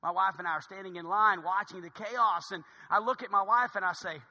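Brief: male preacher, high and very bright, animated storytelling sermon, long hall reverb. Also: brisk. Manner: animated storyteller, acting out dialogue, dropping to a hushed voice for quoted lines. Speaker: pastor.

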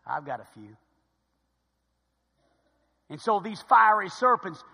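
Brief: male preacher, very high and bright, passionate sermon that drops to a hush and rises loud, long hall reverb. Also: very animated, slow pace, creaky, husky. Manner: impassioned, swinging between hushed and loud. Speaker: pastor. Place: church sanctuary.

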